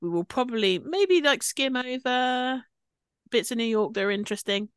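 A woman's voice: fairly high pitch, lively intonation, normal speed, fairly bright tone, smooth, no echo, studio quality. A woman co-hosting a podcast, chatting casually as she recaps reality TV and acts out quotes from the shows. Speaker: podcast co-host.

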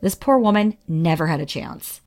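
A woman co-hosting a podcast, reading scripted narration in a measured, read-aloud way. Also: lowish voice, expressive, a little mellow. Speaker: podcast co-host.

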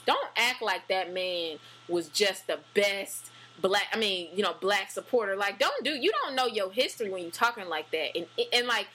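A woman talks in a loose, chatty way, her pitch swinging widely as she goes, full of fillers and restarts. Her voice is bright and forward, with a faint hum of noise behind it. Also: poor audio. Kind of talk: casual chat.

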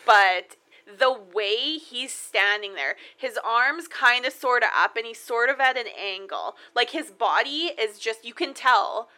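Bright-voiced chatty woman. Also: fairly high pitch, lively intonation, unhurried. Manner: chatty, with many "like"s. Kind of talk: casual chat recapping a horror film.

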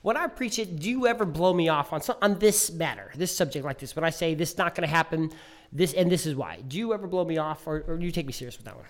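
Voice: mid-range voice, lively intonation, quick pace. A podcast co-host in a casual boxing chat, rambling and stumbling over repeated words, with a teasing edge.

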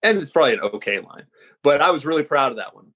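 A man's voice: on the high side, animated, fast talker, fairly bright tone, breathy edge. A man, a screenwriter guest on a podcast, reflective and self-deprecating, with hesitant fillers. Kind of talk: casual interview chat.

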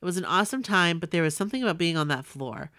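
A woman's voice: lowish voice, animated, racing, fairly bright tone, no room sound, studio quality. A woman in her forties reading a personal story aloud in an earnest, emotional way. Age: 40s.

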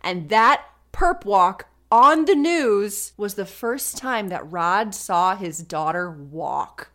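A woman's voice: mid-range voice, lively intonation, slow, fairly bright tone. A woman hosting a true crime video, telling the story in a chatty, sarcastic way and swearing freely.

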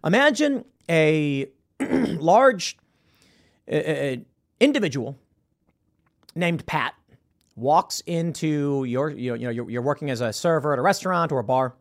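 A man's voice: a little high, animated, unhurried, pauses often. A man hosting a podcast, giving emphatic, argumentative opinion commentary and restarting his words as he goes. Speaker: podcast host.

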